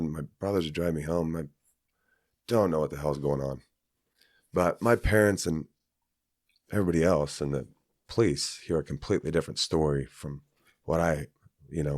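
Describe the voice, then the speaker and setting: Super deep voiced guy rambling through a story, dry close mic. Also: a little mellow, no room sound. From Kansas, US. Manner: rambling, with many fillers and restarts. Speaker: podcast guest. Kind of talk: casual storytelling.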